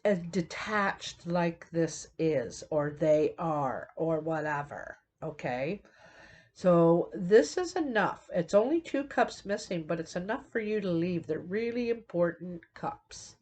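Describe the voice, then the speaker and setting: Middle-aged woman, tarot reader, low voice, unhurried, rambling delivery with frequent restarts. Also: darkish tone. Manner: slow, meandering, many fillers and restarts. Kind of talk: unscripted tarot reading.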